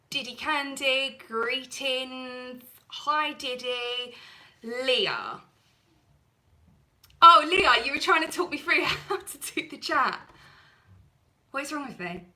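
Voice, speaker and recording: A woman's voice: sits high, animated, extremely slow, long pauses, sharp tone, low-quality recording. A woman hosting a cleaning channel, chatting through a live stream with viewers in a rambling, self-deprecating way.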